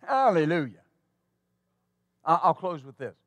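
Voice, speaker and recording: A man preaches with fervor, his voice pitched high for a man. The sound is dry and close, with no room around it. He drives his points home and throws quick asides to the congregation. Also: big pitch swings, fairly bright tone, dry recording. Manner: fervent preaching with call-and-response asides. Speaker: pastor. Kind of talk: sermon.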